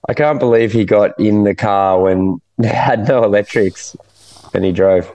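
A man's voice: lowish voice, darkish tone. A man co-hosting a podcast, chatting casually and laughing often. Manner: slow, amused, laughs often. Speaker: podcast co-host. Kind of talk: casual chat.

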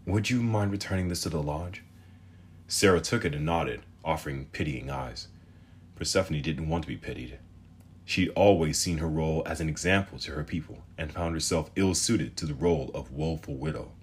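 A man narrating an audiobook in a measured, expressive storytelling manner. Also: extremely low pitch, breathy edge. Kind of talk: scripted narration.

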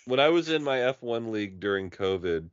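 A man telling a story on a podcast in casual chat, animated and swearing, acting out the people in his stories. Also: lowish voice, smooth, no room sound. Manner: animated, swearing, quick to play characters. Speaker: podcast co-host. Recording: dry, dull lo-fi audio.

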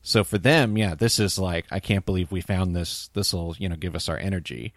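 A man's voice: sits low, normal speed, no echo, clean studio sound. A man co-hosting a casual podcast, thinking aloud hesitantly about a film. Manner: thoughtful, hesitant, lots of fillers. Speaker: podcast co-host.

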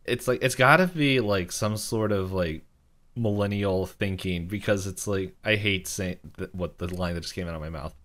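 A young man co-hosting a podcast recaps a cartoon episode in a loose, rambling way, filling gaps with "like" and acting out the characters' lines. His voice sits low and fairly bright, at a moderate pace.

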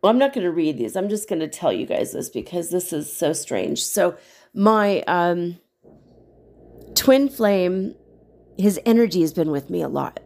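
A woman's voice: fairly low pitch, expressive, unhurried, darkish tone. A woman hosting a spiritual podcast, telling a casual, rambling story with frequent laughs and casual swearing. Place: small studio apartment.

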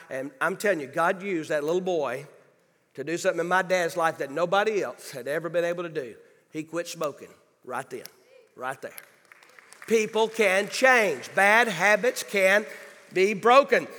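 A man's voice: high-pitched, sing-song, normal speed, bright, forceful tone. A male pastor preaching a sermon in a church sanctuary, emphatic, and calling on the congregation to answer back. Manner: emphatic, calls for congregation responses. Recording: long hall reverb.

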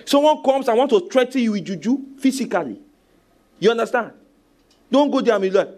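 A male pastor with a Nigerian accent preaching a sermon, commanding and animated, switching between loud exhortation, low asides and call-and-response with his congregation. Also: normal speed.

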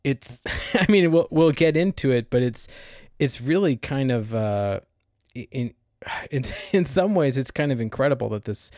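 A man on a casual film podcast talks with eager enthusiasm, pausing often with fillers as he reaches for words. His voice sits in a middle register, recorded close and dry with no room sound. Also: mid-range voice, lively intonation, darkish tone, no echo. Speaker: podcast co-host.

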